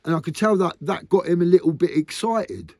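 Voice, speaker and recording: A man's voice: high voice, brisk, gravelly, darkish tone, no echo, clean studio sound. A man talking candidly to camera in a rambling, earnest vlog, often tagging sentences with "mate". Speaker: vlogger.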